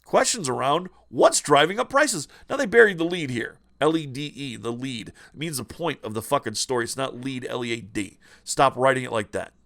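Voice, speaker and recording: A man hosting a retro gaming news vlog, ranting in a sarcastic, heavily profane way. His mid-range voice has a gravelly, fried texture. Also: mid-range voice, animated, fairly quick, hardly any pauses, fairly bright tone. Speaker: retro gaming channel host.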